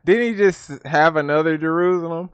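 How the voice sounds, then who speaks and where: A man's voice: a little high, moderate pace, smooth, dry recording. A man hosting a reaction video in casual commentary, often laughing and mocking in disbelief. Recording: dull lo-fi sound.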